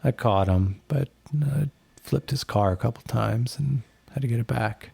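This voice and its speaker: A man's voice: medium pitch, normal speed, gravelly, warm tone, slightly rough, no room sound, full character voice. A man doing a bitter, foul-mouthed young scavenger. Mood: blunt. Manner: blunt and profane. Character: bitter young male scavenger driver, crude.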